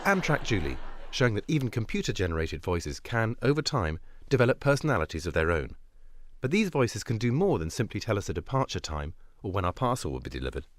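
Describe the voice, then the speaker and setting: A man's voice: on the low side, a little fast. A man presenting a radio documentary with a polished, scripted narration. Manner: lively, polished delivery.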